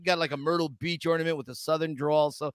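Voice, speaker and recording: A man's voice: fairly high pitch, fast, dry recording, studio quality. A man co-hosting a podcast, chatting casually and animatedly, laughing easily. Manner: animated, laughs easily, uses fillers like "like" and "you know". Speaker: podcast co-host.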